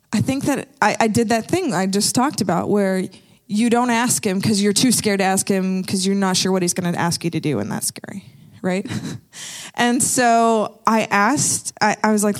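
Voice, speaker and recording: A woman sharing a casual faith testimony in an animated, rambling storytelling manner, laughing often as she goes. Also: mid-range voice, normal speed.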